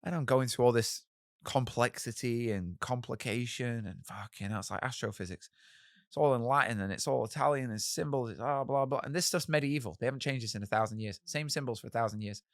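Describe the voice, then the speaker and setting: A man in his thirties, a musician guest telling animated stories in an interview and acting out the voices of people he quotes. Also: medium pitch, fairly quick, dry recording, studio quality. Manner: animated, acts out quoted voices, swears casually. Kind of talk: storytelling in a podcast interview.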